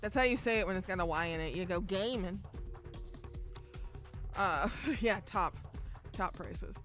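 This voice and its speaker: A woman's voice: fairly low pitch, expressive, normal speed, fairly bright tone, soft background music. A young woman streaming a game live, chatting casually with joking, profane remarks while reading the story aloud.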